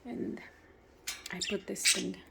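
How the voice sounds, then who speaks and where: A woman vlogging about her pet budgies in casual, often searching for words and talking to the birds. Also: slow. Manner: non-native phrasing, searches for words. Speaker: bird-keeping vlogger. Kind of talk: casual vlog narration and talking to pets. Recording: noisy home recording with budgie chirps.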